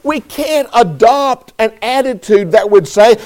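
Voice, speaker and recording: Slow, high-voiced preacher. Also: male voice, lively intonation, darkish tone. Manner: slow, deliberate, calls on listeners by name. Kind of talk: sermon.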